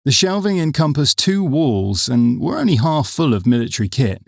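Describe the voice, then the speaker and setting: A man reading a comic audiobook with wry, deadpan storytelling. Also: medium pitch, moderate pace, vocal fry, dry recording, clean studio sound. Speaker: audiobook narrator.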